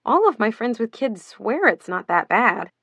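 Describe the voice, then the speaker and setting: A woman's voice: on the high side, big pitch swings, normal speed, vocal fry, fairly bright tone, slightly rough, dry recording, full character voice. A woman voicing a polished young woman, the only non-mother in the group, in an audiobook, nervous and half-laughing. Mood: alarmed.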